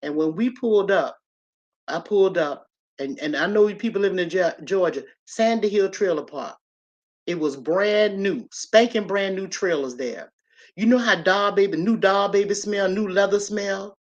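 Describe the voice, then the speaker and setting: A woman's voice: medium pitch, normal speed. Chatty woman telling a story, lo-fi. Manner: animated, chatty, addresses listeners directly. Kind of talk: casual personal storytelling to viewers. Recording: slightly dull lo-fi audio.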